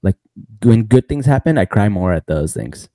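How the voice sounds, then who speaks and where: A man's voice: lowish voice, big pitch swings, normal speed, dark tone, no echo. A man hosting a podcast, recapping casually in a loose rambling way, laughing often and saying "bro" a lot. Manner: laughs often between lines. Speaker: podcast host.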